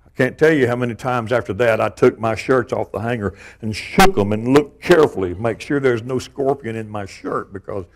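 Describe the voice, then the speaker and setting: An older man preaching a sermon, telling stories with animated, self-mocking humor. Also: mid-range voice, brisk. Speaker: pastor.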